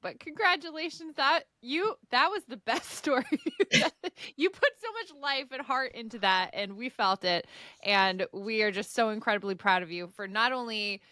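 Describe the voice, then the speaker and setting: A woman's voice: a little high, normal speed, sharp tone, no echo, studio quality. A woman hosting a podcast, encouraging her guest in a casual chat with some swearing. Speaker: podcast host.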